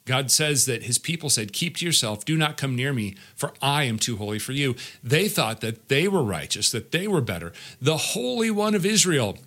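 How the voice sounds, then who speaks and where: A man's voice: medium pitch, bright, forceful tone. A middle-aged pastor teaching a Bible passage verse by verse, often repeating his words as he explains.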